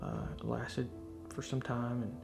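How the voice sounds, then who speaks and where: A man speaks in a candid, reflective way, telling his personal testimony. His mid-pitched voice is deeply gravelly, full of vocal fry. Faint guitar music plays quietly behind him. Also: little pitch movement, slow pace. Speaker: speaker sharing a faith testimony.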